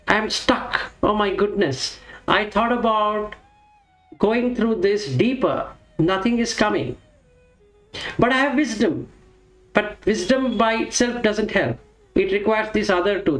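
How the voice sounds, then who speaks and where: A man's voice: high voice, animated, measured pace, fairly bright tone. A man giving a reflective teaching talk on Buddhist practice, explaining step by step and asking and answering his own questions. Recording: roomy echo with faint music.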